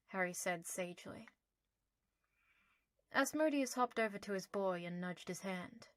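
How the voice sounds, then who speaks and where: A woman narrating an audiobook in a lively, playful storytelling manner. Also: mid-range voice, moderate pace, no room sound, studio quality.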